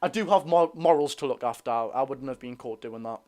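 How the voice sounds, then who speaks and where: A man's voice: medium pitch, brisk, darkish tone. A young man with a Geordie accent hosting a casual live football watch-along, reading out viewer comments and chatting to his audience. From North East England. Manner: chatty, reads viewer comments aloud, calls chat lads and lasses. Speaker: football fan livestream host.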